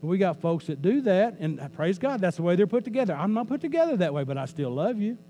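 A pastor preaching a conversational sermon in a church, joking with the congregation and repeating phrases for emphasis. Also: male voice, high voice, sing-song, quick pace, warm tone, rough recording. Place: church sanctuary. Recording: faint mains hum.

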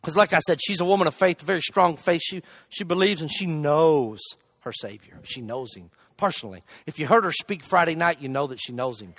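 A man preaching a humorous sermon, telling a story in an animated, jokey way with loud shouted asides. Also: on the high side, dry recording.

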